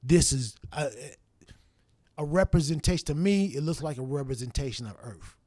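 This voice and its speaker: A man hosting his own show, telling a story in a casual, profane, animated way and acting out his younger self's reactions. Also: on the high side, moderate pace, dry recording, studio quality. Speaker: show host.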